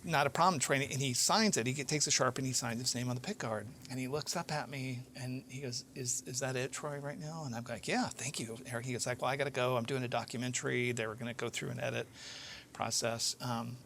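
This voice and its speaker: A man's voice: mid-range voice, fairly even intonation, fast, a bit bright, a little hiss or hum. A man hosting an interview podcast, telling a long anecdote casually, with many fillers and restarts. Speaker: podcast host.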